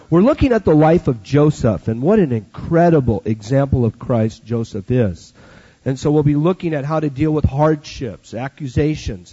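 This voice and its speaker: A man preaching a sermon as pastor in a church, emphatic and slowing down for key phrases. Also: a little high, warm tone, breathy edge, in a large hall. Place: church sanctuary. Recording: dull lo-fi church recording.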